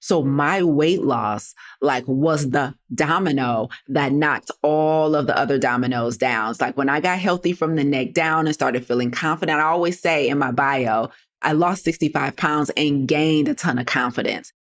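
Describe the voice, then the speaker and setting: A woman's voice: deep voice, moderate pace. A woman hosting a motivational health podcast, talking to listeners in a sassy, direct, preachy way. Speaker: podcast host and health coach. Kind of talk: motivational solo podcast talk.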